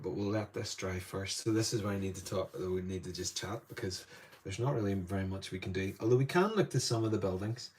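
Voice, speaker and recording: Chatty Irish man painting live. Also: on the low side. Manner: chatty, rambling asides while painting. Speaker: watercolour painting teacher. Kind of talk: live painting demonstration with viewer chat. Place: indoor art studio.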